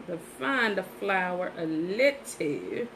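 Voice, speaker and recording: Slow-talking, bright-voiced woman livestreaming. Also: lowish voice, expressive, a little hiss or hum, poor audio. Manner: chatty, repeats herself, talks straight to viewers. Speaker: livestream host painting sunflowers. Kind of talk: casual live-stream chat while painting. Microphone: phone.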